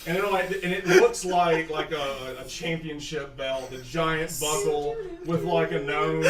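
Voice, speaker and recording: A man narrating as game master in a tabletop game, animated and laughing often. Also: on the high side, a little slow, recorded from a distance. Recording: echoey room mic'd from afar, crowd behind.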